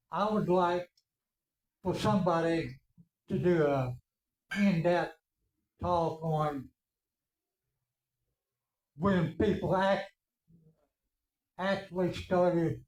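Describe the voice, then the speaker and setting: A man in a church class raising a point from the audience, halting and restarting as he speaks. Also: fairly high pitch. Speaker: class participant. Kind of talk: question from the audience. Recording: echoey room.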